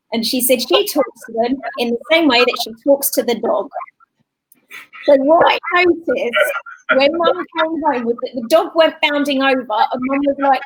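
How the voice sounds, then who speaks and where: A children's coach appears as a talk-show guest, giving warm, practical parenting advice in a casual, explanatory way and mimicking sing-song voices. She has a high-pitched voice at normal speed, and the recording is low quality.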